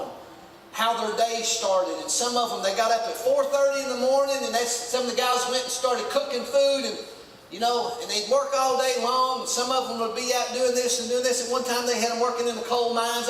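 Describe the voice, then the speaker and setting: Male pastor, folksy, punchy, booming sanctuary echo, faint room hiss. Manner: folksy, emphatic preaching with rising shouts. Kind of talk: sermon. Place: church sanctuary. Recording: echoey church hall from far off.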